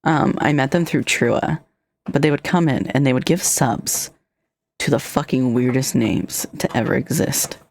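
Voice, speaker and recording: A woman's voice: extremely low pitch, a little slow, gravelly, darkish tone, a little hiss or hum. A woman from Minnesota with a Minnesotan accent, chatting casually on her stream in a bubbly, flirty, self-mocking way that sometimes drops to a whisper. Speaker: streamer host.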